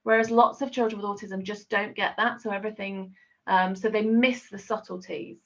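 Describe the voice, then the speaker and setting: A woman's voice: mid-range voice, steady tone, normal speed, a bit bright. A middle-aged woman teacher giving a chatty, explanatory training talk, with many fillers. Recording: dull lo-fi sound.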